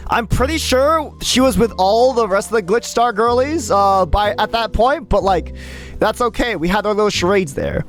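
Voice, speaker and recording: A young adult live streamer in casual conversation with chat, voice swinging animatedly up and down. The talk is excitable and chatty, full of quick restarts. Faint music plays in the background. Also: medium pitch.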